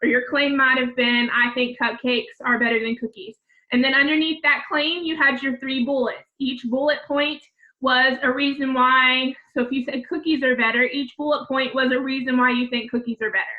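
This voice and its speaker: High-voiced teacher, patient and repetitive. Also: female voice, little pitch movement, narrow, tinny audio. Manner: patient, repeats steps slowly for children. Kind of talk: remote class instructions.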